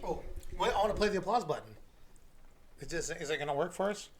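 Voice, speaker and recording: A middle-aged man hosting a casual live stream, excitable and goofy, often restarting his sentences. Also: a little high, quick pace, a crowd in the background. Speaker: show host.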